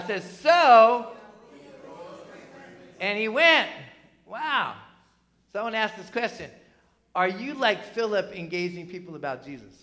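A middle-aged man from New Jersey preaching a sermon in a conversational, animated way, full of asides and tag questions. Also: high voice. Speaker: pastor.

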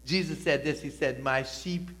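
A pastor delivering a sermon with a bright, somewhat high male voice. He calls the congregation to repeat lines back to him, punches some phrases loudly and drops to quiet, low asides on others. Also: moderate pace. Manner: preaching with call-and-response to the congregation; swings from loud emphatic reading to soft, low asides.

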